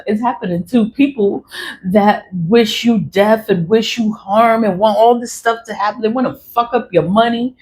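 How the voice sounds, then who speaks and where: This woman's mid-range voice has a slightly mellow quality as she talks to camera about her spiritual cleansing routine. She's blunt, curses, and laughs between her points in a casual monologue captured on a low-quality recording.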